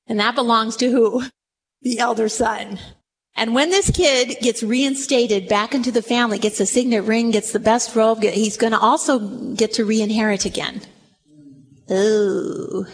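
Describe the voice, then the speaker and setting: High-voiced woman preaching with animated storytelling. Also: a little hiss or hum. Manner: animated storytelling, acting out quotes. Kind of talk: sermon.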